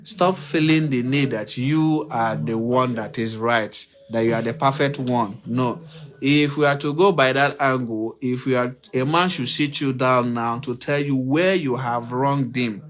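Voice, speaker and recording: A man's voice: mid-range voice, unhurried, a bit bright. Preachy man lecturing his livestream audience. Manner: preachy, repetitive, uses rhetorical questions; addresses listeners directly and emphatically. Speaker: livestream relationship advice host. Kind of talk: unscripted livestream monologue.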